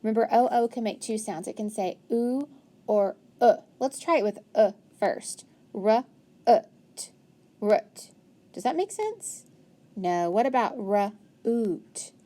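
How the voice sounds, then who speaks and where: This woman has a dark-toned, mid-range voice. Working through a phonics worksheet, she sounds out words with patience and praises often.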